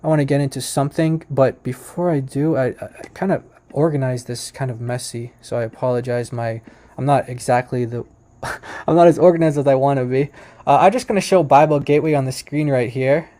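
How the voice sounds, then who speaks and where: A man's voice: mid-range voice, a little fast, mellow. A man hosting a commentary on a video, explaining and correcting points patiently at his computer. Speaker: host.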